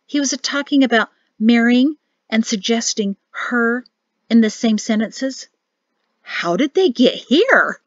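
A woman's voice: a little high, expressive, slow pace, no room sound, highs cut off. Woman reading a novel aloud. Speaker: audiobook narrator. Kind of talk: scripted narration.

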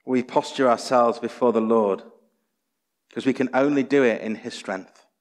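Man, pastor, earnest sermon, rhetorical questions, echoing church hall. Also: mid-range voice. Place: church sanctuary. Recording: long church hall reverb.

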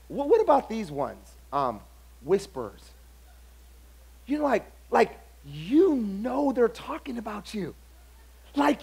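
High-voiced man preaching with animated impressions. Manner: animated storytelling, acts out other people's lines. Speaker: pastor. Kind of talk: sermon.

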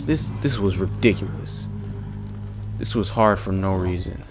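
A man's voice: low voice, a little slow, background noise. A man giving casual let's-play commentary, exasperated and ranting to himself as he plays. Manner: casual slangy talk. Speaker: gaming channel host.

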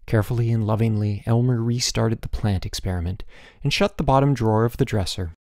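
A man narrating a children's audiobook in an expressive storytelling manner. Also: lowish voice, a little fast, dry recording, studio quality.

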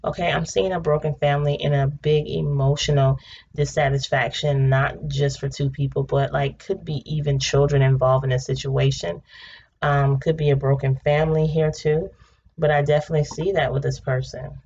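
A woman giving a casual tarot reading, chatty and blunt, swearing freely and breaking into excited laughter. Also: low-pitched, normal speed. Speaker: tarot reader. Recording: slightly dull home recording with faint noise.

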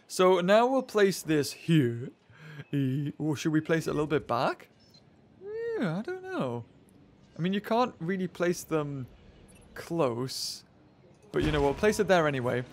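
A young man giving chatty, excitable commentary while playing a game as the host of a gaming channel. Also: fairly high pitch, measured pace. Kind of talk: casual gameplay commentary.

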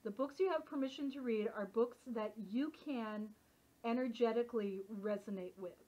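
A woman leading a workshop, talking in a chatty, animated way full of casual fillers. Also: a little high. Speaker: workshop leader. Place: workshop room. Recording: dull lo-fi recording.

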